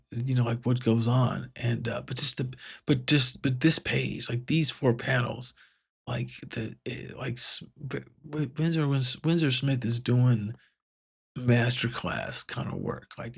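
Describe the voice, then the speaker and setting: A man's voice: medium pitch, vocal fry, husky. A man casually reviewing a comic book, rambling with many fillers and restarts and paraphrasing the dialogue. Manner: paraphrases dialogue in a lightly raised voice. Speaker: comics podcast host.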